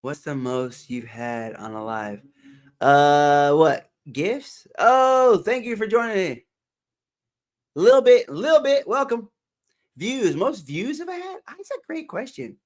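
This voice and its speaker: A man with a fairly high voice hosts a casual live stream. He chats upbeat and loose, calls out viewers by name and laughs easily between his encouragement. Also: expressive, measured pace. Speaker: livestream motivational host. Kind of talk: live stream chat reading. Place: home livestream setup.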